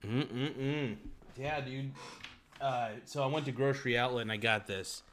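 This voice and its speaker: A man hosts a casual live stream, reading out viewer comments and riffing off the cuff. He jokes constantly and breaks into laughter often. His voice sits at an average pitch. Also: unhurried, fairly bright tone, a little hiss or hum. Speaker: livestream host.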